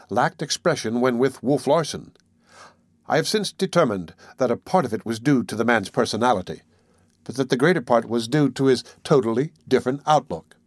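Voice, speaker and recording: A man giving scripted first-person novel narration in a measured, even reading manner. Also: medium pitch, no room sound, clean studio sound. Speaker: audiobook narrator.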